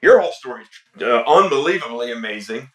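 A man who is a podcast guest, speaking in a relaxed, reflective way and often softly. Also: medium pitch, brisk, distant mic. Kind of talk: casual podcast conversation.

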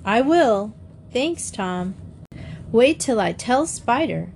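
A woman's voice: fairly high pitch, animated, takes it slowly, darkish tone, slight background noise. A woman voicing an eager, curious teenage girl detective. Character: teen girl Trixie, curious and eager sleuth.

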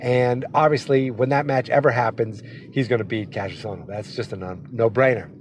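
A man's voice: mid-range voice, a little fast, a little hiss or hum. Chatty man rambling while driving. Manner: rambling, tangent-prone, chatty. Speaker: wrestling vlogger. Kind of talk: casual monologue while driving. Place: inside a moving car.

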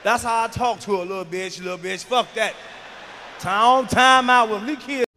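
A man putting on a shrill, taunting scold. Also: steady tone, moderate pace, pushed and bright. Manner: taunting, profane. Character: shrill, mocking man scolding someone like a child. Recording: distant, hall-like reverb, faint noise.

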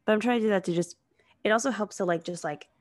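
A young woman co-hosts a podcast in a mid-range voice, talking fast and casually. Her chatty speech is packed with "like" fillers.

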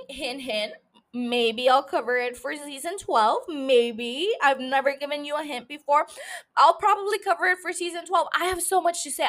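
Her voice sits high and has a sharp edge. Speaking into a studio mic in her room, this podcast host does casual solo talk, ranting and gushing with blunt emotion and plenty of swearing.

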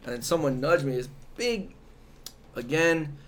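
A man's voice: a little high, expressive, a little slow, a bit bright. A young man from Hawaii in casual chat, telling a rambling, profane story and acting out what people said.

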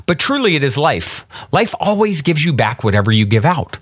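A man reading as a gentle, wise father. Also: fairly high pitch, normal speed, breathy edge, dry recording, studio quality. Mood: earnest. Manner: calm, earnest, instructive. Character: wise, gentle father teaching his son. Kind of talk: reading a short story aloud.

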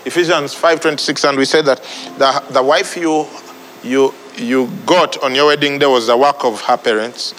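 A man's voice: mid-range voice, steady tone, moderate pace, a bit bright, in a large hall, slight background noise, poor audio. A man preaching a sermon, repeating phrases for emphasis. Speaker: pastor.

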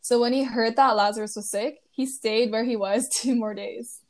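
A young woman with a slightly high voice walks through a Bible story in easy, casual talk. She keeps it plain and friendly and laughs softly at the odd parts. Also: fairly even intonation, moderate pace. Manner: retells scripture plainly with light laughs. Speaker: co-host retelling a Bible story. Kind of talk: casual Bible study chat.

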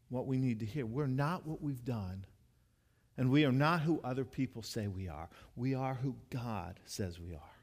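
A male pastor preaching a sermon, swinging between loud rousing passages and soft hushed ones, joking with the congregation and asking for a show of hands. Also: mid-range voice, lively intonation, moderate pace. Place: church sanctuary. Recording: long reverb of a large hall.

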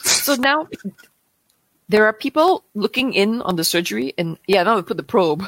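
A woman's voice: medium pitch, big pitch swings, moderate pace, fairly bright tone, dry recording, poor audio. A woman in a casual watch-along chat, chatty and laughing often, restarting her sentences.

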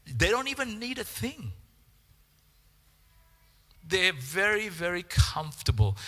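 Male preacher, fairly high voice, animated delivery with repeated words, reverberant hall. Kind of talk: sermon.

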